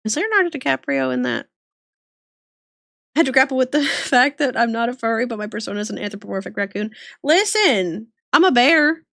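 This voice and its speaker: A woman's voice: high voice, expressive, brisk, vocal fry, dry recording, studio quality. A woman streamer chatting casually and giggling with her viewers while she draws. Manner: giggly, bubbly, greets chat warmly.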